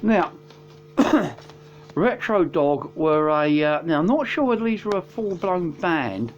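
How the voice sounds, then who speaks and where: A man's voice: fairly high pitch, very animated, takes it slowly, dull audio. A man, casually reviewing albums from his collection, rambling with many fillers and self-corrections. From England. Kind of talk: casual chat.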